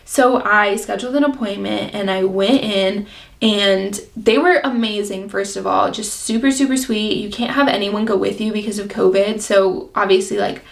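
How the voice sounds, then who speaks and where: A woman's voice: mid-range voice, fairly even intonation, moderate pace, creaky. A woman of twenty chatting as a beauty vlogger, telling a personal story full of "like" and acting out her own past reactions. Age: 20s. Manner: chatty, filler-heavy storytelling with many "like"s. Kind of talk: casual get-ready-with-me chat.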